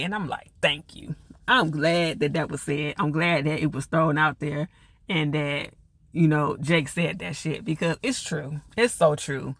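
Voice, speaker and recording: A man talks through a TV episode in a loose, slangy, filler-heavy recap. His voice sits a little high with a gravelly edge, and the sound is close and dry. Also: fairly even intonation, moderate pace, fairly bright tone, no room sound. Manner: chatty slangy retelling, lots of fillers. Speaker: TV reviewer.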